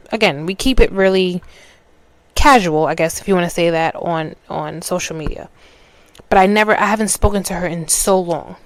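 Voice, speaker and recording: This New York podcast host has a lowish, smooth voice, recorded with no room sound. She tells a personal story loosely and conversationally, restarting sentences mid-way and acting out what people said.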